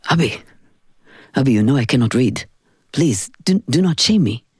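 A humble, trembling poor man pours out a tearful prayer, as a storyteller puts him on. The voice sits low and plain, with a dry, close sound. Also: animated, moderate pace, darkish tone, husky, dry recording, heavily acted. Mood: pleading. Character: poor trembling illiterate old-world man praying.

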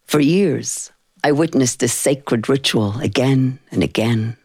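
A woman storyteller speaks in a low, rich voice. Her telling is intimate and rhythmic, full of feeling. The sound is dry and close. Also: slow pace, a little mellow, slightly rough, no echo. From Israel. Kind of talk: spoken storytelling performance.

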